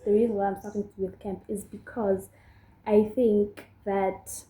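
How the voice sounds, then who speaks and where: A woman's voice: medium pitch, level tone, a little slow, dark tone. A young woman with a South African accent tells a personal story in a chatty, rambling way while doing her makeup, with lots of fillers. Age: young adult. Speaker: vlogger. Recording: echoey room.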